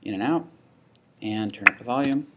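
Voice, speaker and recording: A man with a young child, teaching a software tutorial in a casual, think-aloud way, with restarts and asides. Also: medium pitch, expressive, moderate pace, very noisy. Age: adult with a child. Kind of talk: screen-recorded tutorial.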